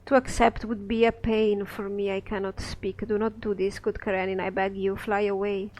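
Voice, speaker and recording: A cold, sorrowful ancient wizard, read aloud by a man in his own voice, speaking in solemn, measured verse. The voice sits fairly high. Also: little pitch movement, a little mellow, lightly acted, poor audio. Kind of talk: reading a scripted play aloud.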